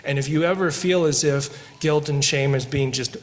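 A man co-hosting a podcast who tells stories while teaching scripture, moving between quick asides and slow, emphatic lines. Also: a little high. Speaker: podcast co-host discussing scripture. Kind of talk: conversational Bible teaching with storytelling.

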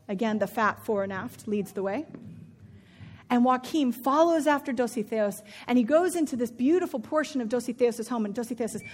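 A woman telling a story aloud in a lively, expressive way. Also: fairly high pitch, a little fast. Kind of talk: spoken storytelling.

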